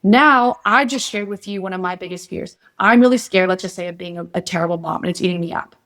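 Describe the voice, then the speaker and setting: A woman's voice: on the low side, fast, a bit bright. A young adult woman speaking as an interview guest, earnest and motivational as she lays out steps for facing fear. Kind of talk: casual interview.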